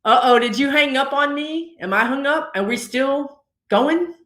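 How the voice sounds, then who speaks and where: A woman hosting a joking live stream over a video call. Her high, bright voice bounces around, and the room behind her is echoey. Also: measured pace. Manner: teasing, joking banter. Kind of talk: casual live-stream chat.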